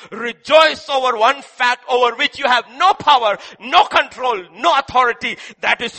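A man preaching a sermon, repeating rhetorical questions and swinging between loud cries and hushed passages. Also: very high-pitched.

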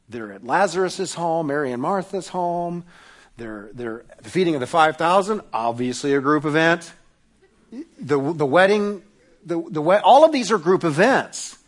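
A middle-aged man preaching a conversational sermon as pastor, self-deprecating and humorous, often dropping to a hushed voice. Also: sits high.

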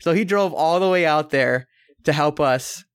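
A man's voice: fairly high pitch, moderate pace, smooth. A man from Michigan co-hosting a podcast, telling a long story in a rambling, casual way, swearing freely and restarting his sentences. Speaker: podcast co-host.

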